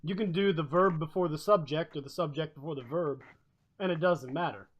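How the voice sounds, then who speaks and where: A man's voice: a little high, a little fast, dull audio. A man hosting a casual group chat, confidently laying out language rules. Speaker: podcast host.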